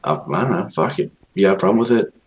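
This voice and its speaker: A man co-hosting a casual podcast, telling relaxed stories, swearing often, and saying sir and ma'am out of habit. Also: low-pitched, quick pace, muffled recording. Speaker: podcast co-host. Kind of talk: casual chat.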